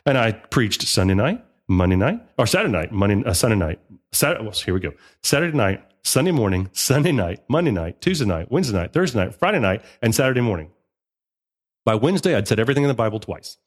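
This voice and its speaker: A man's voice: lowish voice, sing-song, quick pace, husky. A man, a missionary preacher, telling his story in a conversational interview, with emphatic repetition and frequent restarts.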